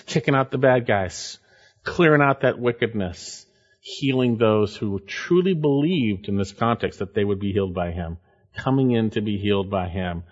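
A man preaching a sermon and reading scripture aloud, with emphatic swings in pitch and loudness. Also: lo-fi sound. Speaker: pastor.

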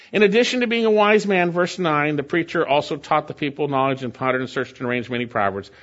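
A man preaching a sermon, reading scripture aloud and explaining it with emphatic, rhetorical questions to his congregation. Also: a little high. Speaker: pastor. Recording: dull lo-fi recording.

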